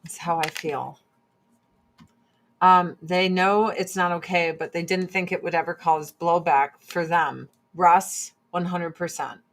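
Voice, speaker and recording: A woman's voice: lowish voice, steady tone, a little slow, slight background noise. A woman chatting casually and bluntly while doing her makeup, swearing freely as she gives her opinions. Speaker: streamer.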